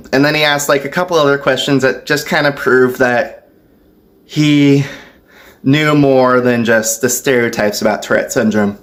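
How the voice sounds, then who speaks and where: A man vlogging a casual storytime, chatty and loose, laughing softly between phrases. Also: mid-range voice, fairly even intonation, moderate pace. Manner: loose, filler-heavy talk.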